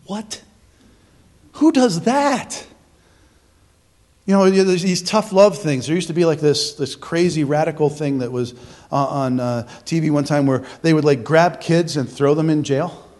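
High-voiced emphatic man preaching. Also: steady tone, moderate pace. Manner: emphatic, rhetorical questions, swings between loud and hushed. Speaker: pastor. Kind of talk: sermon.

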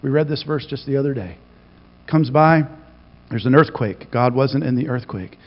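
A man preaching a sermon as pastor, telling the story with animated delivery and acting out the quoted lines. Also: medium pitch, moderate pace. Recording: reverberant, dull lo-fi hall recording.

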